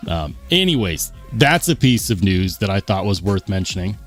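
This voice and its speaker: With faint music behind him, a livestream host chats casually, reading out viewer comments and responding cheerfully and at length. He has a deep, sing-song voice and a moderate pace.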